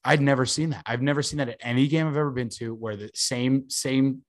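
Animated young man telling stories. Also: medium pitch, fairly quick. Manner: animated storyteller, swears freely, acts out quotes. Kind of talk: casual chat.

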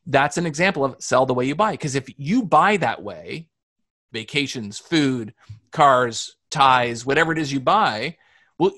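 A Canadian sales author with a voice on the high side answers interview questions energetically, explaining his points and throwing in rhetorical questions.

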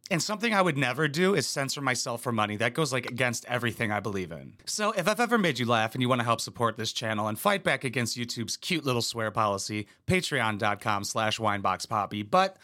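A man's voice: medium pitch, bright, forceful tone. A man doing crude, sarcastic reaction commentary as a comedy channel host, swearing and mocking freely. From United States. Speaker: commentary YouTuber.

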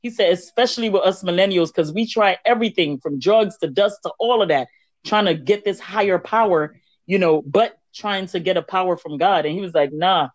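A woman in a casual faith podcast chat, retelling a story with lively quoted dialogue. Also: fairly low pitch, a little fast, no echo. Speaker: podcast co-host. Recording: dull lo-fi dry recording.

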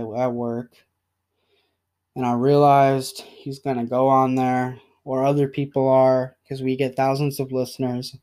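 Halting, apologetic young man, smooth flat voice. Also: medium pitch. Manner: halting and apologetic, many pauses and fillers. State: emotional. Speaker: podcast host. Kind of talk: solo podcast apology.

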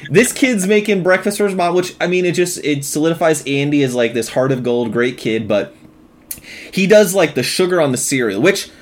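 A man in his thirties co-hosting a casual movie review chat, talking animatedly and slipping into loud mocking impressions. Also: a little high, animated, a little fast. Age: 30s. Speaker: podcast co-host.

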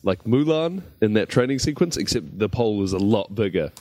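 A man's voice: on the low side, very animated, dark tone. A man playing a tabletop game, describing his character's moves in an amused way. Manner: slow, amused, laughing often. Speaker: player.

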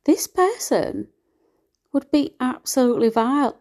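Give me a blunt, profane woman ranting. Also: a little slow. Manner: animated, with sudden pitch jumps. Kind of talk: ranting monologue to camera.

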